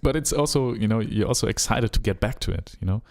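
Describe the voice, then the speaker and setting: Man, German accent, mellow low voice, casual live-stream producer chat. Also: fast, gravelly. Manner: musing and relaxed, hums rhythms aloud, trails off.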